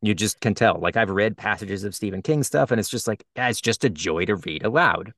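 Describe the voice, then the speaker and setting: A man with a low voice speaks as a guest in a relaxed podcast interview. He explains his craft thoughtfully, reflecting as he goes. The sound is close and dry, with no room echo. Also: fairly quick. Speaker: guest, audiobook narrator and author.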